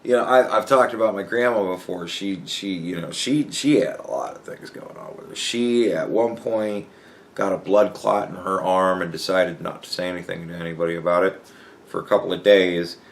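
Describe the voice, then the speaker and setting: A man's voice: low voice, moderate pace, creaky. Profane rambling man. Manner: profane, rambling, stammering restarts; acts out imagined dialogue. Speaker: podcast host. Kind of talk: casual solo commentary.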